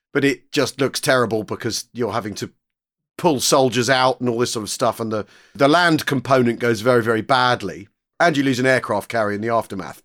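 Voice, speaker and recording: A man hosting a casual podcast chat, brisk and steering the conversation along. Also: mid-range voice, a bit bright. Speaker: podcast host.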